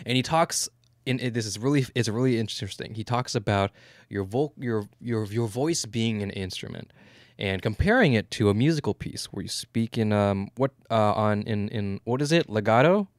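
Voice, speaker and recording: Fast-talking, stammering man on a podcast. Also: fairly low pitch, dry recording, studio quality. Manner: animated, swearing freely. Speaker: podcast co-host. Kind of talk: casual chat.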